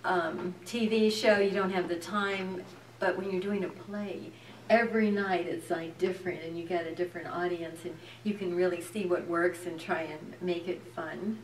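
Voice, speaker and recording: A woman actress telling lively anecdotes in a casual interview, laughing often. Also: on the low side, moderate pace, reverberant, recorded from a distance, a little hiss or hum. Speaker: actress, guest.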